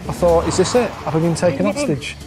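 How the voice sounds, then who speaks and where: An English man recounts mishaps in a plainspoken, deadpan tone. His voice sits a little high, and music plays clearly underneath, as in a TV clip. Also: a little fast. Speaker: show's traveller. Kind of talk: deadpan anecdote in a TV interview.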